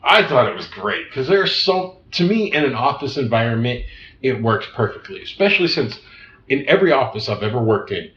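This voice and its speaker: Animated man laughing through a film chat. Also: mid-range voice, brisk, a little hiss or hum. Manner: animated, laughs often, acts out scenes. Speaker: podcast co-host. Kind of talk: casual film review chat. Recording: echoey room, dull lo-fi sound.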